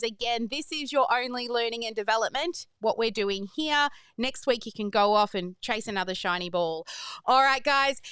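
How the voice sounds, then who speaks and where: A chatty, excitable woman hosts a live online business workshop. Her voice is bright and crisp, and it sounds dry and close. She talks with lots of bounce and is quick to laugh. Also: fairly high pitch, no echo. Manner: bubbly, excitable, chatty, prone to squeals and laughter. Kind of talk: energetic live webinar presenting.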